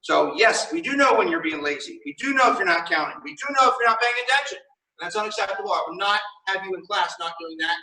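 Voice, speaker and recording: A young man teaching a martial arts class online, firmly giving orders and counting warm-up drills aloud. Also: high-pitched, expressive, fast talker. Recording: echoey room, mic far off.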